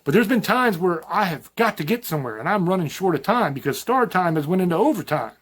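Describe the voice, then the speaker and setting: Folksy man, higher-pitched voice. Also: sing-song, quick pace, a bit bright, husky. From rural Virginia mountains. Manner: folksy, rambling, storytelling with self-quoted asides. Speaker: podcast host. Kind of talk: casual spoken monologue.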